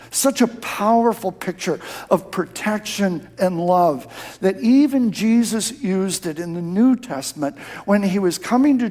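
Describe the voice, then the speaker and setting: A male pastor preaching a sermon, dropping to a soft hush for prayers and rising to emphatic shouts on key phrases. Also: sits high. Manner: drops to a soft hush when quoting prayer.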